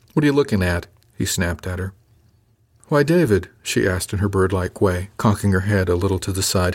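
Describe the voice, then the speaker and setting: A man reading a first-person audiobook in a matter-of-fact way. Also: low voice. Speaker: narrator.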